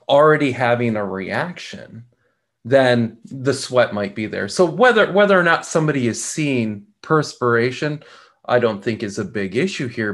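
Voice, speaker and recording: A middle-aged man hosting a reflective talk, speaking in a slow, measured way with frequent pauses and repeated words. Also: medium pitch. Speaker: podcast host.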